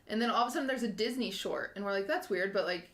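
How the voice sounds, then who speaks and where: A woman's voice: mid-range voice, rapid-fire. A young woman in her twenties, co-hosting a podcast, telling a rambling, emotional story and laughing often. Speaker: podcast co-host. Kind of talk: casual chat, animated storytelling. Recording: echoey room.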